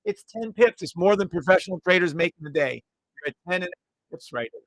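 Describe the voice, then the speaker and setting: A man hosting a live trading stream, calling out trades in quick repeated bursts, brash and profane, mocking imagined viewers. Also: sits high, animated, fairly bright tone, no echo, low-quality recording. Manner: mocks imagined viewers in a whiny voice.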